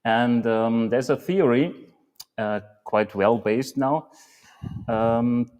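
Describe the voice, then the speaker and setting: A man's voice: mid-range voice, slow, a little mellow, smooth. A man appearing as a brewery guest on a live beer tasting, speaking in a hesitant way full of ums and uhs. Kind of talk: casual live-stream chat. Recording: long hall reverb.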